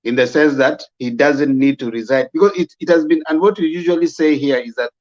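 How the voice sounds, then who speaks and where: Man, debate host, calm and conciliatory, slightly higher voice, muffled lo-fi sound. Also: fairly quick. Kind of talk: moderating a debate. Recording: dull lo-fi sound.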